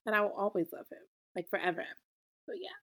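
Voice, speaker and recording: Animated young woman reviewing a book. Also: mid-range voice, quick pace. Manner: expressive, animated, talks back to the book. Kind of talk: casual book review talk.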